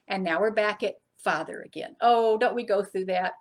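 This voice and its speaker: A middle-aged woman teaching a Bible study in an earnest preaching style, rising to emphasis and dropping soft and low. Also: brisk, few pauses.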